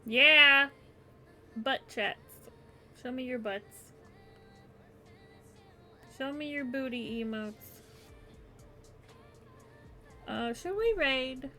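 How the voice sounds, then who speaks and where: A woman's voice: sits high, animated, takes it slowly, pauses often, sharp tone, soft background music. A woman streamer chatting casually with her viewers while crocheting, giggling often and yawning near the end of her stream.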